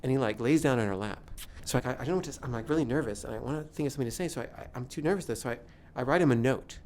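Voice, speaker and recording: A man's voice: mid-range voice, racing, darkish tone, a little hiss or hum. A man tells a comic anecdote in a casual, confessional way. He stammers and restarts often and sounds nervous. His voice sits in a mid range. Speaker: filmmaker telling an anecdote. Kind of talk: comic first-person storytelling.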